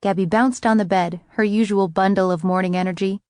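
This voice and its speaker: A woman reads an audiobook in a measured, steady storytelling voice. Her pitch sits in the middle range. The recording is dry and close, with no room sound. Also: clean tone, no room sound. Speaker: audiobook narrator. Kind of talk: scripted audiobook narration.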